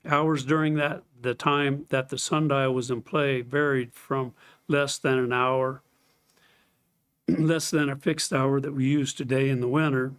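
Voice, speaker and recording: A man's voice: mid-range voice, level tone, slow pace, fairly bright tone. Methodical man giving a Bible study. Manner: methodical, explanatory, reads scripture aloud, clears throat often. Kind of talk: scripted Bible study lecture.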